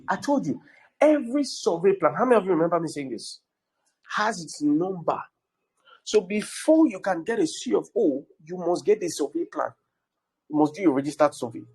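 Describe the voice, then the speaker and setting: Husky man teaching an online class. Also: high-pitched, a little mellow, dry recording, low-quality recording. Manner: keeps checking in with the audience, emphatic repetition. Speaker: real estate educator. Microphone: video call.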